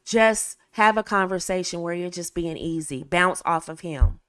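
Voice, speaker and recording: A woman's voice: fairly low pitch, normal speed, fairly bright tone, clear, resonant tone, no room sound. Direct woman coaching a class. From United States. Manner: direct, coaching, acts out phone dialogues. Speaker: etiquette coach. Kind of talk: talk to a live class.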